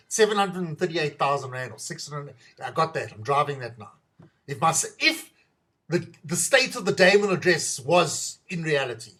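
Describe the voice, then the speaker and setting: A man's voice: high voice, a bit bright, slightly rough. A man with a South African accent doing a rambling, self-mocking comic monologue on the news, stumbling and restarting often. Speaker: podcast host.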